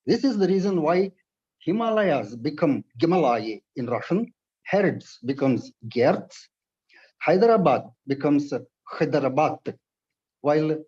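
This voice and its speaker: A man from India lecturing on pronunciation in a measured, precise, explanatory way, heard on a dull lo-fi recording. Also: fairly high pitch, mellow. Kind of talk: read-aloud lecture.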